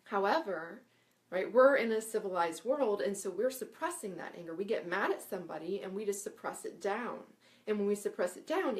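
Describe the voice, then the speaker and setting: A woman teaching spiritual breathing exercises in a casual live lesson. She talks in a loose, chatty way and keeps checking in with 'right?' and 'okay?'. She demonstrates breathy sounds and chants along the way. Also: mid-range voice. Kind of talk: casual live instructional talk.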